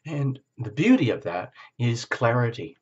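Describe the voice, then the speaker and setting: A man's voice: medium pitch, big pitch swings, a little slow, breathy edge, dull audio. A man giving a reflective spoken tarot reading, often checking in with the listener. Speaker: tarot reader.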